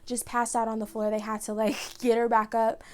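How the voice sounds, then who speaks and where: Young woman, vlogger, storytime, chatty and emotional, slightly high voice. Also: level tone. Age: young adult. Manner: chatty, emotional, fast retelling with many "like"s. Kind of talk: storytime vlog.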